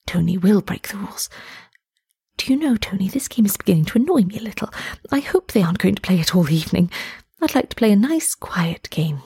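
A woman voicing a gentle, uneasy lady who talks in hushed whispers, with a gravelly, husky voice. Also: mid-range voice, full character voice.

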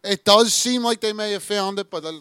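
A man's voice: sits high, steady tone, brisk, fairly bright tone, clean tone, no echo, clean studio sound. A man co-hosting a sports podcast, talking emphatically and swearing casually. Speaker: podcast co-host.

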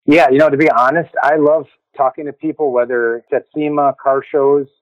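A man's voice: fairly high pitch, fairly even intonation, brisk, no echo. Car builder guy on the line, tinny phone sound, super dry, lots of "you know". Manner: casual, fills with "you know", restarts. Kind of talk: interview answers.

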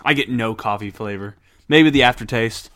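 Male podcast host, casual and blunt, bright forceful voice, swears freely, excitable. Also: medium pitch, normal speed. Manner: blunt, excitable, swears and laughs often, many restarts. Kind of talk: casual podcast beer review and wrestling recap.

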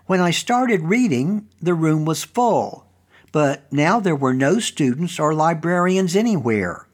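A man narrating a first-person story as the host of his own show, with a fairly high-pitched voice. He tells it in an earnest, conversational manner. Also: animated, unhurried. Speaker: storytelling host and historical reenactor.

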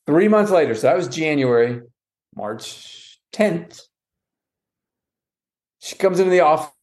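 Speaking at a measured pace in a fairly high voice, a podcast guest who is an adoptive father recounts a lengthy personal story. He animatedly quotes people with "she goes" and "I said," often restarting and correcting himself.

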